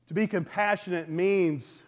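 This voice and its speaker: A man's voice: sits high, steady tone, measured pace. A man preaching a sermon, telling the story earnestly and often restarting his sentences. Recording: long reverb of a large hall.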